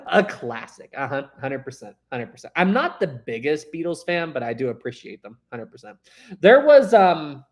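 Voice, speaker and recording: A man's voice: on the high side, big pitch swings, moderate pace. A man chatting casually with viewers as host of a live stream, rambling and laughing easily.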